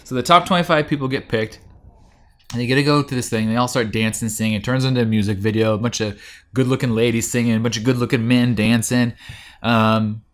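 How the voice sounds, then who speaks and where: Brief: male podcast host, middle-pitched voice, loose rambling recap with lots of "like". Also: fairly even intonation, fast, fairly bright tone. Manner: rambling recap with many fillers and restarts. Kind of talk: casual chat.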